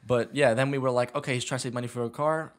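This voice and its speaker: A young man talking casually about a film project he worked on. His voice sits at an ordinary middle pitch, and he rambles from one thought to the next, leaning on "like" again and again. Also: steady tone, fast talker. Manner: rambling, lots of "like" and "long story short". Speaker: filmmaker guest. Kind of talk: casual chat.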